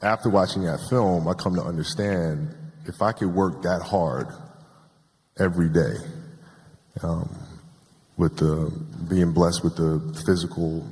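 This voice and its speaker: Very deep-voiced man reflecting. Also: measured pace, a little mellow, big-room sound. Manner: thoughtful, with fillers. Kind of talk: interview reflection.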